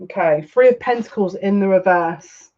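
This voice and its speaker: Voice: medium pitch, moderate pace, a little mellow, dull audio. Chatty, laughing psychic tarot reader. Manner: chatty and rambling, often laughing and repeating phrases. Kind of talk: live tarot reading, chatting with viewers.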